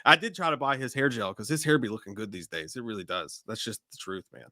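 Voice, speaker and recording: A man's voice: lowish voice, quick pace, sharp tone, no room sound, studio quality. A man hosting a live-stream show, talking in loose, profane banter. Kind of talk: casual live-stream chat.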